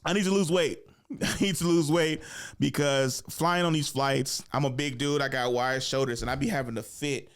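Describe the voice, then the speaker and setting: A man's voice: medium pitch, fairly even intonation, moderate pace, smooth. A young adult man, a comedian and host, talking casually and animatedly in a solo monologue, laughing often and putting on voices.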